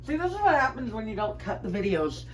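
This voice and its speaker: A woman vlogging casually from her bedroom, chatty and enthusiastic, rambling with fillers and quick self-corrections as she unboxes collectibles. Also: on the high side, very animated, slight background noise, low-quality recording.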